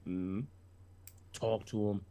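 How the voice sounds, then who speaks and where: A man co-hosting a casual wrestling review stream, chiming in with quick interjections and egging the host on. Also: on the low side, little pitch movement, gravelly, warm tone. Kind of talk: casual livestream commentary.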